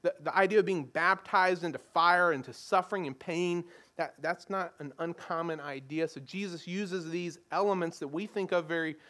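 Pastor, male, high-pitched, conversational sermon delivery with rhetorical questions. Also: moderate pace, few pauses, sharp tone.

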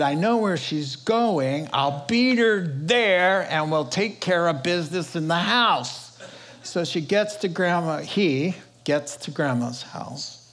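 Brief: older male pastor, unhurried, animated storyteller. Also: fairly high pitch. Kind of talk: sermon.

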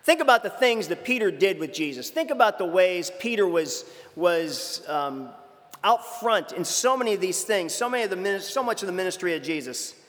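A man's voice: high-pitched, very animated, normal speed, a bit bright, long reverb tail. A man preaching a sermon in a conversational way, acting out quoted lines with dramatic shifts.

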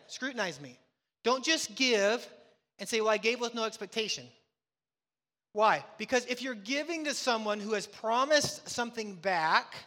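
A male pastor preaches with emphatic, rhetorical force, firing questions and answering them himself. His voice sits high and sounds bright, carried by the long reverb of a large hall. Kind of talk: sermon.

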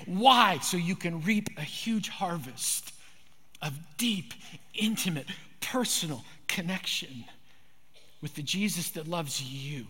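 A man's voice: high-pitched, a bit bright, big-room sound. A man pastor delivering a sermon with an emphatic, repetitive preaching cadence.

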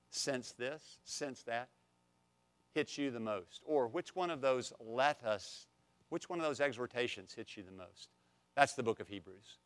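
A man's voice: mid-range voice, a bit bright, clear, resonant tone. A young man teaching a Bible class, emphatic and repeating phrases for stress, with light jokes to his students. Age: young adult.

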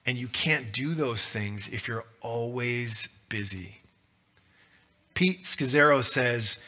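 A man's voice: medium pitch, a little slow, sharp tone. A male pastor giving a conversational, joking sermon.

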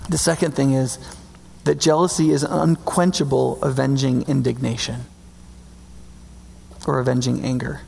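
A man preaching a sermon in a conversational, emphatic way, slowing down to stress key words. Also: medium pitch, little pitch movement, vocal fry, dark tone, slight background noise. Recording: long reverb hall.

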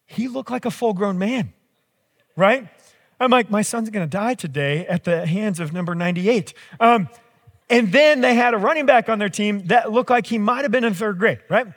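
A high-pitched man in his thirties preaches to a large church. He talks conversationally and acts out the voices of the people in his stories. His voice carries a long hall reverb. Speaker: pastor. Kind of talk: sermon with storytelling.

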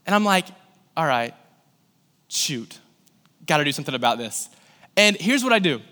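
A young man giving a sermon as pastor, talking in a conversational way and acting out little scenes as he tells stories. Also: sits high. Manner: conversational, animated storytelling with acted-out asides. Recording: long hall reverb.

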